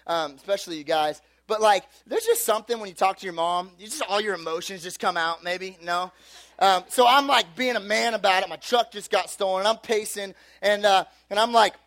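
A man with a high voice tells a personal story as a sermon, animated and chatty. He leans on casual fillers and acts out the people in the story as he goes. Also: no room sound, clean studio sound. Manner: animated, filler-heavy storytelling with acted-out quotes.

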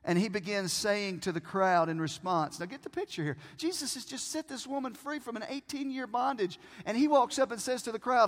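A man preaching a sermon from a church stage, who asks the congregation questions and pauses for effect. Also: very high voice. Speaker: pastor. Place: church sanctuary with a screen. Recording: long reverb of a large hall.

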